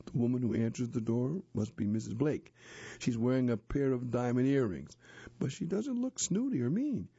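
A man narrating a story and a handbook aloud in a steady, expressive reading voice. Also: medium pitch, normal speed, husky, no echo. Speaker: narrator, reader. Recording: dull lo-fi dry recording.

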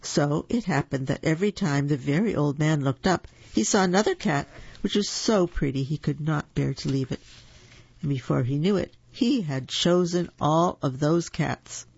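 A storyteller reading children's picture books aloud in a slow, gentle and expressive way. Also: medium pitch, creaky, husky, no echo. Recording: dull lo-fi recording.

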